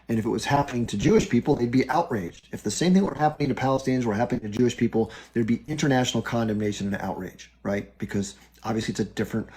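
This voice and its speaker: A man hosts a live stream and talks in a casual, earnest way. His voice sits fairly low. He reflects aloud and lays out his argument calmly. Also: a little hiss or hum, rough recording.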